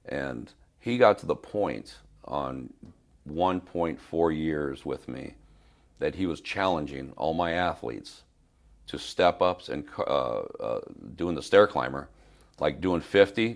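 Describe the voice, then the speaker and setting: Older male trainer from Spain, very deep and gravelly, halting storyteller. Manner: retells scenes with halting restarts and repeated words. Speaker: fitness trainer, podcast guest. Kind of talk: storytelling in an interview.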